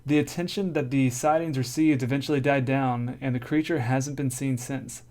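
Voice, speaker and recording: Reading source notes aloud between jokes, a man co-hosts a casual podcast and laughs frequently with his co-host. His darkish, mid-range voice keeps fairly even intonation at a normal speed.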